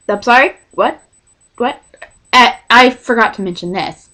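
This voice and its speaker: A young woman from Texas telling a storytime vlog, rambling and excitable, often cutting herself off mid-sentence. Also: on the high side, moderate pace. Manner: rambling, self-interrupting, excitable. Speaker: vlogger.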